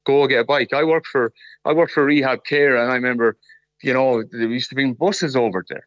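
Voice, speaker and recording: A man's voice: mid-range voice, brisk, no echo, muffled recording. An Irish man speaking as a guest in casual, rambling conversation, full of "you know". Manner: conversational, lots of you-knows.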